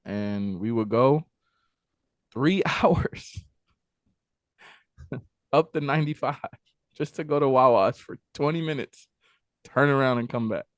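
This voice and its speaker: A mid-pitched man reminiscing in a casual podcast chat. He talks in a laid-back way and swears freely. His voice sounds close and dry. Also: unhurried, long pauses, no room sound. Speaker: podcast co-host.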